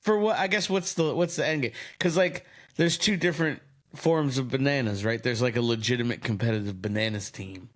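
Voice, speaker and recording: A man co-hosting a podcast, chatting casually with wry, quick quips. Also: medium pitch. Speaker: podcast co-host. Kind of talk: casual chat.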